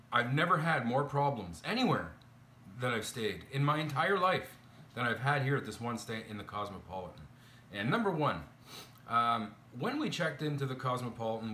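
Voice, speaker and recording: A chatty man recounting a frustrating hotel stay straight to camera, exasperated and full of ums and uhs. His voice is bright and forward, and the room around him rings with echo. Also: mid-range voice, a little hiss or hum. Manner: chatty, exasperated, lots of fillers. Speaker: vlogger. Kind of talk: casual complaint storytelling to camera. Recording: echoey room.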